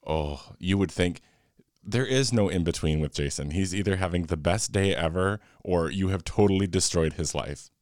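A man's voice: deep voice, normal speed, a little mellow, no echo, clean studio sound. A man co-hosting a podcast, chiming in with an easygoing, conversational manner. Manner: easygoing, chiming in to finish the story. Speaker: podcast co-host. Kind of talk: casual chat.

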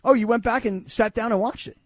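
Man, high voice, jokey co-host, teasing, dry sound. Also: brisk, no room sound. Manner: teasing, jokey, mock-dramatic. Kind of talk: casual chat. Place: remote, not in the studio.

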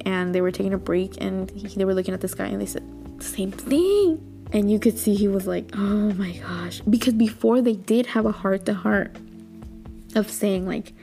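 A woman hosting a podcast, recapping a drama in a chatty, animated way with lots of fillers and little outbursts. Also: mid-range voice, normal speed, gravelly, soft background music. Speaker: podcast host.

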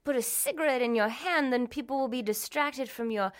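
A woman playing an aging Hollywood star as an interview guest in an improvised mock interview, talking frankly and mocking herself with drawn-out asides. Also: sits high, natural voice. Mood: candid. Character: aging female Hollywood star, candid, wry.

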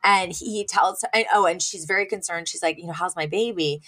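A woman with a fairly low voice chats through a TV episode on a podcast. She is casual and lively, slipping into the characters' lines and laughing as she goes. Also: quick pace. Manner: chatty, retells scenes acting out quotes, laughs often. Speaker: podcast co-host. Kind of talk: casual chat recapping a TV episode.

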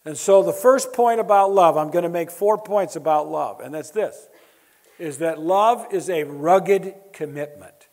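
A man's voice: a little high, a little slow, a little mellow. A man preaching a sermon, emphatic and building his points through repetition, with wry asides to the audience. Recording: long hall reverb.

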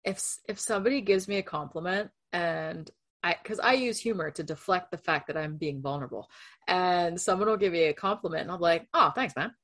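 A woman's voice: fairly low pitch, brisk. A woman with a Canadian accent, co-hosting a casual podcast chat in a joking, self-deprecating way. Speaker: podcast co-host.

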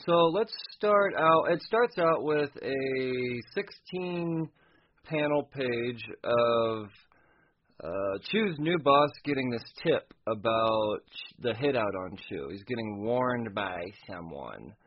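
A man's voice: mid-range voice, animated, takes it slowly, muffled recording. A man casually recapping a comic book chapter, swearing freely and laughing as he goes. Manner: loose and profane, laughs while recapping.

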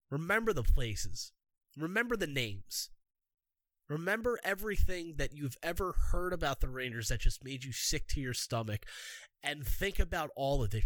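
A man's voice: on the high side, fairly bright tone, no room sound. A man hosting a solo sports podcast, ranting in a profane, fired-up way and repeating his urgings again and again. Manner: profane, fired-up, repetitive exhortations. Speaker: podcast host. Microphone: podcast microphone.

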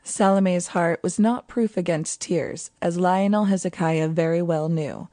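Mellow low-voiced woman narrating. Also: a little slow, no echo, clean studio sound. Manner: calm, even storytelling. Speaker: audiobook narrator. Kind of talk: scripted narration.

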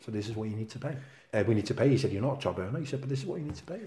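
A man's voice: mid-range voice, very fast. A man in his sixties from Denmark, speaking with a Danish accent tinged by Liverpool, telling football stories as an interview guest and acting out quotes. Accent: Danish with a Liverpool lilt. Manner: animated, acts out quotes. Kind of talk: anecdotal interview storytelling. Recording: roomy echo.

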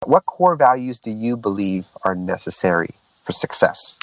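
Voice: medium pitch, animated, moderate pace, loud music behind the voice, rough recording. A podcast host asking questions and thanking the guest in a friendly, encouraging way. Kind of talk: podcast interview.

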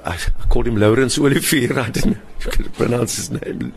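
Speaking fast with hardly any pauses, this older South African man has a gravelly, mid-range voice. He's a stage performer being interviewed in a hotel lounge, recounting his own stories with flair and mimicking the people he quotes.

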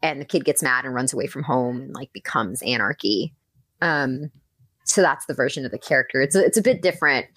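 Low-voiced woman, casual and chatty. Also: animated, a little fast, fairly bright tone, breathy edge, dry recording. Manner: enthusiastic, rambling, many "like"s and "um"s. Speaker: podcast guest, voice actress and writer. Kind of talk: casual podcast chat.

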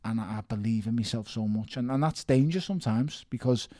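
A man's voice: medium pitch, fairly quick, mellow, dry recording, studio quality. A man, talking emphatically in a casual interview, repeating himself and calling people mate. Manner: emphatic, repeats words, calls listener mate. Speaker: professional boxer, guest.

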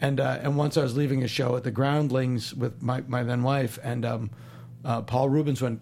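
Halting, gravelly fifty-something comedian. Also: male voice, mid-range voice, level tone, darkish tone. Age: 50s. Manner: halting, full of restarts and fillers. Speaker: stand-up comedian, guest. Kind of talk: casual interview chat.

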